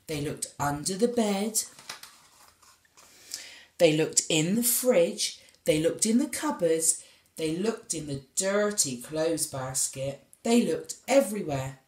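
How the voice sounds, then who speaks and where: A woman reads a children's picture book aloud at an unhurried pace. Her pitch rises and falls in a very lively way as she tells the story. The echo of a roomy space surrounds her voice. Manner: expressive storytelling. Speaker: storybook reader. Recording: echoey room.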